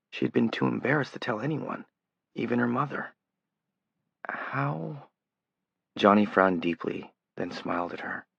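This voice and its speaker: A man narrating an audiobook in a measured, low-key way. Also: vocal fry, breathy edge, dry recording. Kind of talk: scripted narration. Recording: dull lo-fi recording, dry.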